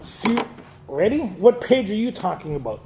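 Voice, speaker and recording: High, gravelly-voiced man quizzing a room. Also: very animated, moderate pace, background noise. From Canada. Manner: quizzes the audience, joking and laughing. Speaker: AA speaker leading a Big Book study. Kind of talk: lively talk to a recovery group. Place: meeting room with audience.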